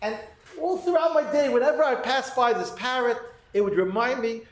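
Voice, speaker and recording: A man's voice: very high-pitched, moderate pace, echoey room, rough recording. A man giving a Torah lesson, earnestly telling a story and weaving Hebrew terms into his talk. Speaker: Torah teacher.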